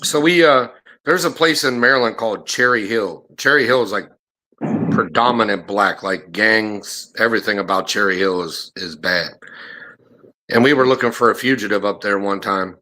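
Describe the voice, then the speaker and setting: A middle-aged former bounty hunter hosts a podcast, his voice lowish, bright, and forceful at a moderate pace. In a casual storytelling chat, he tells profane stories and acts out the people he quotes.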